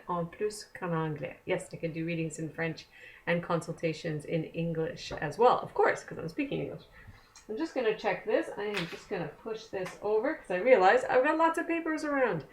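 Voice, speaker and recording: A woman's voice: on the low side, a little hiss or hum. A woman oracle card reader, chatting casually and conversationally to the camera from a desk at home. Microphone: camera mic.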